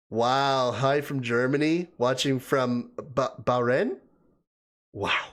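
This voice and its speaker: A man hosting a casual livestream, chatting and laughing as he greets viewers and reads their comments aloud. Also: mid-range voice. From Canada. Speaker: livestream host. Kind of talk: casual live chat reading viewer comments.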